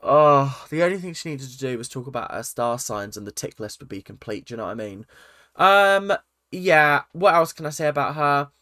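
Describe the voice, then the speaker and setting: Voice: medium pitch, expressive, normal speed, bright, forceful tone, dry recording, studio quality. A reality TV reaction vlogger, casual and sarcastic, often repeating phrases in exasperation.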